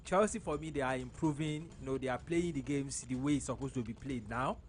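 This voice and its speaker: A man's voice: mid-range voice, a little fast, slight background noise. A man giving opinionated football analysis on live radio, often restarting his sentences. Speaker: studio football pundit.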